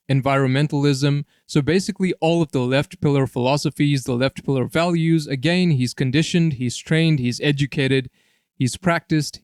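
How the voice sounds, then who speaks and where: A man's voice: medium pitch, darkish tone, no echo, clean studio sound. A man hosting a solo commentary video, explaining in long repetitive lists and often checking in with "all right?". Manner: repetitive, piles up list phrases, tags "all right?". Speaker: political commentary host.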